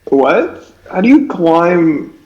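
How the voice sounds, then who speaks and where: A young man co-hosts a comedy podcast and reacts with quick, laughing asides in a casual way. His voice is slightly high, with a very lively pitch. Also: highs cut off. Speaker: podcast co-host.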